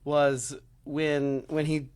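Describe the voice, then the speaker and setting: Thoughtful man with a higher voice. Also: little pitch movement, extremely slow, darkish tone, clean tone. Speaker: interview host. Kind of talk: casual interview conversation.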